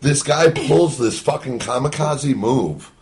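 A man's voice: mid-range voice, takes it slowly, darkish tone. A man telling a story in casual chat, exasperated and swearing often.

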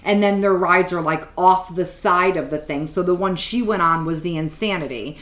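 A woman in her twenties chatting casually, excitable and quick to burst into loud exclamations. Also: fairly low pitch. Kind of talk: casual chat. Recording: roomy echo.

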